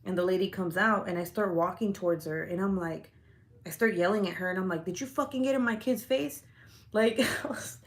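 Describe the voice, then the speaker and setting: A young adult woman vlogger telling a heated neighborhood story in a casual, profane way, full of "like" fillers. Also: lowish voice.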